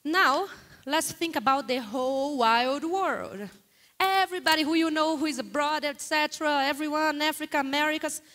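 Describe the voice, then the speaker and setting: High-voiced woman with a Brazilian accent. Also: moderate pace. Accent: Brazilian Portuguese. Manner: animated, questions the audience often. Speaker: guest lecturer. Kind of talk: interactive lecture to an audience. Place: lecture hall.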